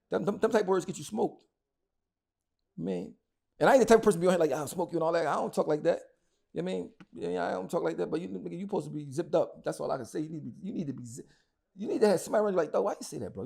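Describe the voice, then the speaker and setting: Middle-aged philly guy going off in an interview, fast and emphatic, kinda high and raspy. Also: mellow. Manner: angry, emphatic, repeats himself, curses a lot. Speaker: interview guest. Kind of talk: heated casual interview talk.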